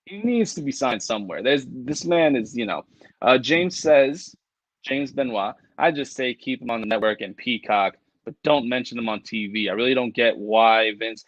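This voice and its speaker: A man's voice: medium pitch, lively intonation, moderate pace, no echo, poor audio. A man co-hosting a casual livestream chat, swearing freely and reading viewer comments aloud. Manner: profane, rambling, reads viewer comments aloud. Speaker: co-host.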